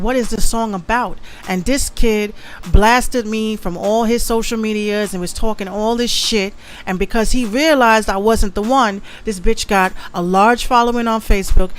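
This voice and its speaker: A woman's voice: medium pitch, clear, resonant tone. A young woman from the Bronx with a Bronx accent, hosting a casual livestream, brash and boastful, repeating herself often. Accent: New York, Bronx. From the Bronx, New York. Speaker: livestream show host, rapper and producer.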